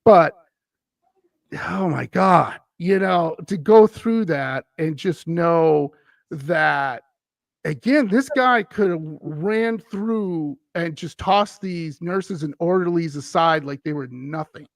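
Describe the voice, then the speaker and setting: A man's voice: on the high side, takes it slowly, vocal fry, dry recording. A man from Wisconsin, a podcast guest, telling a story in a casual chat and acting out the voices of the people he quotes. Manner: animated, acts out quoted voices while retelling a story.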